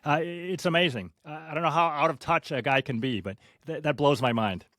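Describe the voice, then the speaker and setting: A man speaking as a podcast guest in casual conversation, halting and stammering often. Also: fairly high pitch, fairly bright tone, no room sound, studio quality. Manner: halting, many stammers and fillers.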